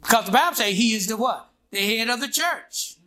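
Bright-voiced preacher calling out to his flock. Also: extremely high pitch, lively intonation, fairly quick. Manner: preaching with rhetorical "what?" and "huh?" prompts. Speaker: pastor. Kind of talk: call-and-response sermon. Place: church with a responding congregation.

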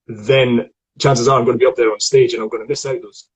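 Husky Scottish voice coach. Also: male voice, mid-range voice, little pitch movement, fast talker, rough recording. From Scotland. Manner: chatty, explanatory, frequent restarts. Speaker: acting voice coach. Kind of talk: online acting lesson conversation.

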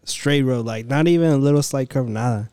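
A man chatting casually with friends in a relaxed manner, switching between Spanish and English. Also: medium pitch, fairly quick, clear, resonant tone, no echo, clean studio sound. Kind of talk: casual chat among friends.

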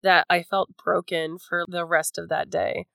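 A woman's voice: on the low side, level tone, unhurried, gravelly, fairly bright tone, no echo. Chatty woman co-host, dry close sound. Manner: chatty, lots of "like" and "you know". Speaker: podcast co-host. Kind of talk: casual chat.

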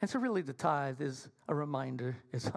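A man preaching in a church sanctuary, playful and animated as he tells his story. He swings from punchy, raised lines down to near-whispered appeals, then builds back up. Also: mid-range voice, fairly quick, vocal fry. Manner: animated, playful storytelling with sudden soft drops. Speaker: senior minister. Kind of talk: sermon.

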